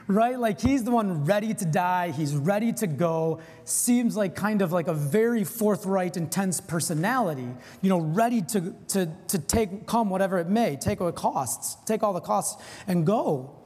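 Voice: mid-range voice, expressive, unhurried, darkish tone, slightly rough. A preacher giving an informal, earnest sermon, with frequent casual asides. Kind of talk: conversational sermon. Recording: long hall reverb.

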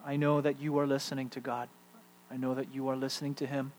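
A middle-aged man preaching a sermon, shifting between loud emphatic peaks and hushed, quiet stretches. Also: medium pitch, completely flat delivery, fast talker. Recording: long hall reverb, faint mains hum.

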